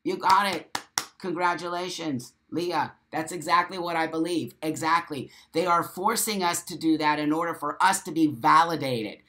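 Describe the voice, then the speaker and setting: A man's voice: fairly high pitch, moderate pace, hardly any pauses, bright, forceful tone. A middle-aged man hosting a casual live stream, reading viewer comments aloud and answering in a blunt, profane, emphatic way.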